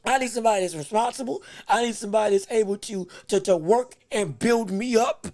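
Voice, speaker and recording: Calling a fight live on his podcast, a man with a high, fairly quick and somewhat mellow voice keeps repeating phrases for emphasis and banters playfully with the chat. There's no echo on the sound.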